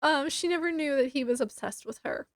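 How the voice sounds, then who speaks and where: Young woman book reviewer, high voice, slow chatty plot recap, lots of fillers, dry close sound. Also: no room sound. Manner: chatty, laughs often, many fillers.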